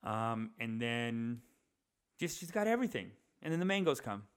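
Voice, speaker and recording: This young vlogger has a clear, resonant, mid-range voice with a sing-song lilt at normal speed. Speaking to the camera from his parents' house, he delivers a casual, rambling monologue full of swearing, fillers, and restarts.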